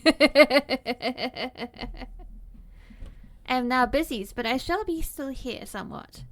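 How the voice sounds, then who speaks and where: A woman's voice: high voice, very slow, pauses often, a bit bright. A young woman livestreamer chatting casually with her viewers from her desk at home, playful and giggly, with cutesy baby-talk phrasing. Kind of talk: casual chat with stream viewers.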